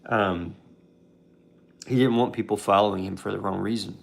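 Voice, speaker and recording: A man's voice: fairly low pitch, fairly even intonation, moderate pace, creaky. A man casually retelling a Bible story as a devotional host, talking conversationally with fillers and restarts.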